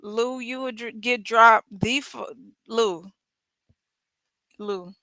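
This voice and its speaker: A woman hosts a livestream at an unhurried pace, her voice bright and forward. She jokes, teases her viewers and swears freely. The sound is close and dry, with no room around it. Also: on the high side, no echo. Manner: blunt, joking, profane, teasing chat. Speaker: livestream host. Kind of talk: casual livestream chat.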